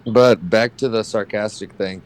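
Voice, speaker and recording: A man's voice: on the low side, unhurried, clear, resonant tone, poor audio. A man telling casual stories in voice chat with a dry, sarcastic manner. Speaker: friend in voice chat. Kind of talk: casual storytelling.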